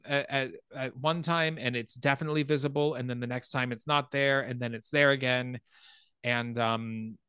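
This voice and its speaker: A man hosting a podcast, casually retelling a film's plot scene by scene in an animated way. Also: mid-range voice, clear, resonant tone, dry recording. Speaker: podcast host. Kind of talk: casual film recap.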